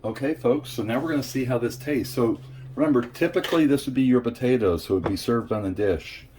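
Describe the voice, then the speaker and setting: A man's voice: mid-range voice, a little fast, darkish tone, slight background noise. A man from Puerto Rico hosting a home cooking video, chatting casually to viewers as he works in a kitchen. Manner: chatty, talks straight to viewers as "folks". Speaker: cooking show host. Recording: clear clatter of dishes and utensils.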